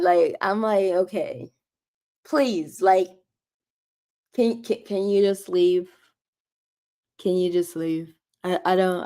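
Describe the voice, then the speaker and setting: Slow-talking woman chatting on a livestream. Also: mid-range voice, darkish tone. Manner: chatty, retells conversations, many "like" fillers. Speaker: Christian livestreamer. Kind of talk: casual livestream chat.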